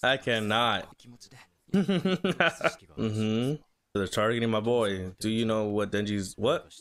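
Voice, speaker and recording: A man's voice: fairly low pitch, takes it slowly, fairly bright tone. A young man casually reacting to an anime episode, chatting at the screen and reading the subtitles aloud. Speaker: reaction video host.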